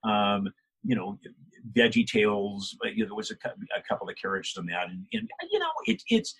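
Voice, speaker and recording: An older male voice actor chatting in an interview, animated, laughing often and acting out quotes. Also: fairly low pitch, a little fast, creaky, breathy edge. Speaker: voice actor guest. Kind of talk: casual interview chat.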